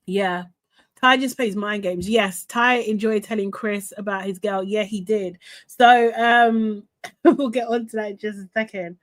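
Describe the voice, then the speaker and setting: A woman host chatting live to her viewers, animated and laughing often, with lots of fillers. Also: mid-range voice, measured pace. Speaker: host recapping a reality show. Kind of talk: live casual chat to viewers.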